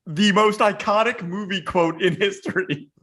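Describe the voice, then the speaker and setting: A man's voice: high voice, normal speed, bright, forceful tone. A man co-hosting a podcast in casual chat, teasing his partner and arguing his points at length. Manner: teasing, wordy and argumentative. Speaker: podcast co-host.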